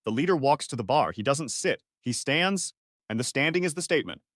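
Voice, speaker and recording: In a dry, close recording with no echo, a man tells a first-person science-fiction tale. He speaks fairly quickly and expressively in a fairly bright tone, using terse, analytical sentences whose pitch shifts considerably from phrase to phrase.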